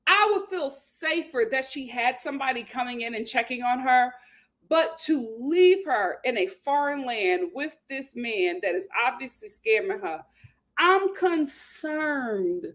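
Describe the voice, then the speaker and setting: A woman's voice: sits high, lively intonation, a little slow, a bit bright. A woman hosting a casual reality TV recap and reading viewer comments, opinionated and talking straight to her audience. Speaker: host.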